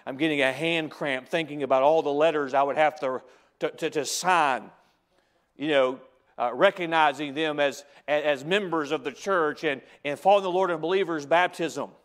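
A man with a high-pitched voice preaches inside a church sanctuary, shifting between hushed, close asides and loud, driving emphasis. As he builds, he layers one repeated phrase on top of another.

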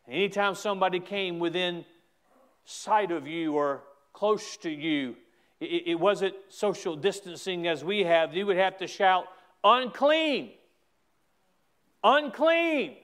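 A man preaching a sermon as a pastor, emphatic, with repeated restarts and stretches where he rises to a shout. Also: sits high, a little slow, clean tone.

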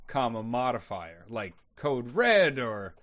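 A man in his forties, a player in a tabletop game, chatting in a wry, self-mocking way that often trails off quietly. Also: medium pitch, very animated, slow pace. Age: 40s. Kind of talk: casual chat during a tabletop game.

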